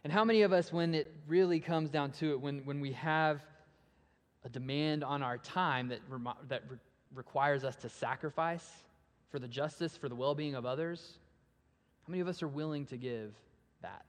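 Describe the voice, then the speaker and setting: A man's voice: a little high, moderate pace. Preaching man in a reverberant hall. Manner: rhetorical questions, swelling then dropping to a hush; animated when acting out story voices. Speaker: pastor. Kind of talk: sermon. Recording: long reverb of a large hall.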